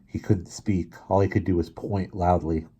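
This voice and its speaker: Quiet, husky-voiced man reading a storybook. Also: fairly even intonation. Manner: quiet, measured, drops low for sad moments. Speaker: reader. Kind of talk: reading a children's novel aloud.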